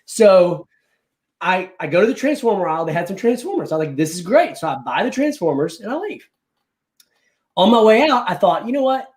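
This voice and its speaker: A man chatting as a guest, telling a story in an animated, excitable way. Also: high voice, a little fast. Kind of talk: casual chat.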